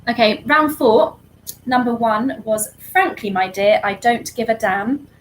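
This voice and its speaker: A woman co-hosting an online charity quiz, reading answers briskly and lightly. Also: fairly high pitch, a little hiss or hum, rough recording. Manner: brisk, light, laughs easily. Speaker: quiz co-host.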